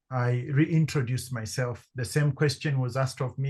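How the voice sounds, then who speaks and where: A middle-aged man from Zambia, a podcast guest telling a personal story with lively acted-out dialogue. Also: medium pitch, moderate pace, hardly any pauses. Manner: animated storyteller acting out quoted voices. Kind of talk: storytelling in conversation.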